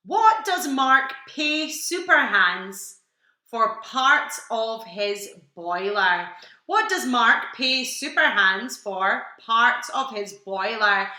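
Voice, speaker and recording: Slow, bright British woman co-hosting. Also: on the high side, expressive, roomy sound. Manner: teasing, joking, swears casually. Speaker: quiz co-host. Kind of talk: live online quiz hosting. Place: home room. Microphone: home computer mic.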